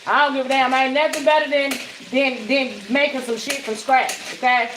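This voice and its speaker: A woman's voice: high voice, a little fast, background noise. A woman chatting straight to her viewers while cooking in her home kitchen, salty-tongued and casual. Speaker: home cook vlogger. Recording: echoey kitchen with frying sizzle.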